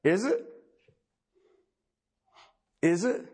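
A middle-aged man preaching a sermon in a folksy, animated way, with joking asides. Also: high voice, extremely slow, slightly rough. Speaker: pastor.

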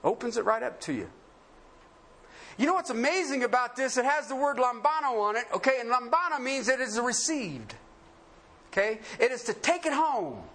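A man preaching a sermon, asking rhetorical questions and swinging between emphatic highs and low murmurs, laughing often. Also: very animated, normal speed, bright, forceful tone.

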